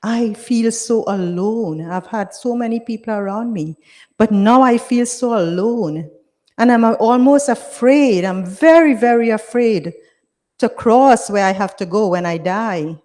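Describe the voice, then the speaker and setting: Storybook role: woman narrator plays a frail, frightened dying mother, pleading softly and slowly, voice pitched a little high, hall reverb. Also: close to an everyday voice.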